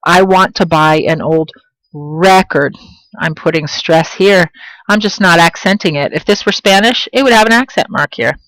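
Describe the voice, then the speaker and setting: A woman teaching a video language lesson, pronouncing example words slowly and clearly and encouraging her students directly. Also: lowish voice, fairly bright tone, no room sound, poor audio. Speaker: Spanish teacher.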